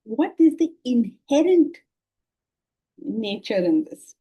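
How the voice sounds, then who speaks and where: An older woman with an Indian English accent giving a spiritual lecture on scripture, lively and full of rhetorical questions and laughter. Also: a little high, a little slow, pauses often, slightly rough, highs cut off. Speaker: Vedanta teacher.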